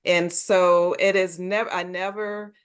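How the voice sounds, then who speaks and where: Expressive woman telling stories in a low voice. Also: slow, smooth. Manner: animated, emphatic storyteller who laughs often. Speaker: guest. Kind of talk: conversational interview storytelling.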